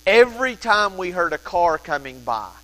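A man's voice: high-pitched, big pitch swings, moderate pace, pushed and bright, big-room sound, low-quality recording. A man in his thirties, a pastor telling a family story in a sermon, then preaching in an earnest, urgent way.

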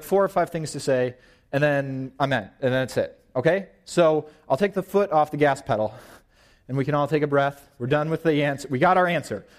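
A young man in his twenties giving an informal, animated sermon at church, pacing and gesturing as he talks. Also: on the high side. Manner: paces and gestures while preaching, animated and informal. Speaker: young preacher.

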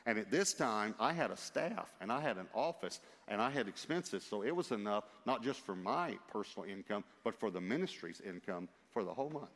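A male preacher telling a personal story in an emphatic, lively way, with asides to his listeners, in a church. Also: on the low side, brisk, few pauses. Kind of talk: storytelling sermon. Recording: long reverb of a large hall.

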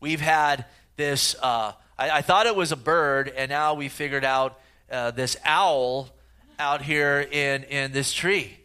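A man's voice: mid-range voice, steady tone, slow, sharp tone, smooth. A middle-aged man giving a sermon as a pastor, in a conversational, storytelling way with frequent fillers.

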